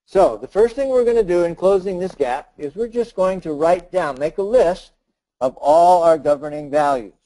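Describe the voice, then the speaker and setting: A man's voice: on the high side, expressive, moderate pace, low-quality recording. A man leading a webinar, giving a motivational talk and acting out the lines of a story he tells. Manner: storytelling, acts out dialogue, shouts in the story. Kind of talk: motivational talk with a told scenario.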